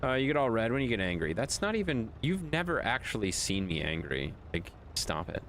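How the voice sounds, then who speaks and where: Streaming a game live, a man with a fairly low voice keeps up a brisk, lively, swooping stream of casual commentary, narrating his moves in loose talk. He banters with viewers and scolds them in mock exasperation, and the recording carries a slight hiss or hum.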